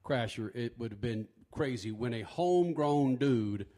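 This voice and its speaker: A man's voice: medium pitch, lively intonation, a little slow, dark tone. A man co-hosting a casual chat, prompting others with questions and jokes, with some mild swearing. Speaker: co-host.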